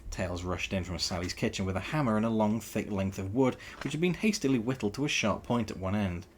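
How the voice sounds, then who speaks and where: A man reading a novel aloud in a wry, animated storytelling style. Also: on the low side, a little fast, slight background noise.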